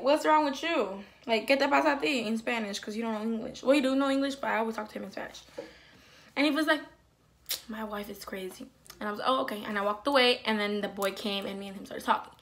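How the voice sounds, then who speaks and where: Bright-voiced young woman telling a story. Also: on the high side. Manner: animated, acts out quotes with big swings from loud to hushed. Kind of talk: casual storytime.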